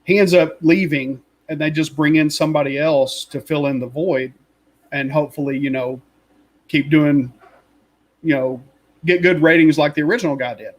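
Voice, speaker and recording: A man's voice: on the high side, fairly even intonation, moderate pace, rough recording. A man co-hosting a casual fan chat, rambling and opinionated, with lots of fillers and asides. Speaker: podcast co-host.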